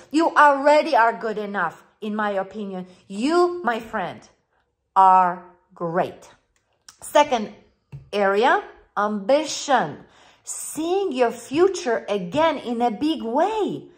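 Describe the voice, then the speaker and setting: A woman life coach, speaking English as a second language, giving an earnest, encouraging motivational talk straight to her viewers. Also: high voice. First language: not English. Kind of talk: motivational monologue to camera.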